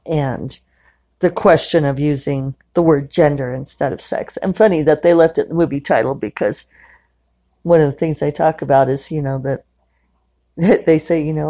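A woman talking casually about her day in a chatty, rambling way, quick to laugh, from her living room at home. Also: low-pitched, fairly even intonation, warm tone. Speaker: podcaster. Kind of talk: casual diary-style monologue.

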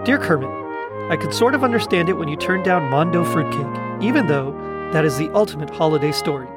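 A man voicing an eccentric, excitable male Muppet who talks earnestly and stammers when cold. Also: fairly high pitch, fairly quick, loud music behind the voice, close to an everyday voice.

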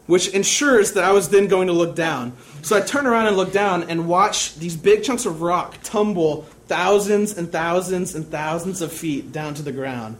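A man's voice: high voice, normal speed, hardly any pauses. A young man preaching a sermon, telling a personal story in a casual, self-deprecating way.

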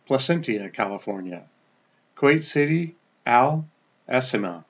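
Relaxed man reading out a place list. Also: moderate pace, muffled recording. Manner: relaxed, stumbles over foreign names and apologizes; pitch drops at the end of each place name. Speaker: podcast host. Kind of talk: casual podcast update, reading a list of listener locations.

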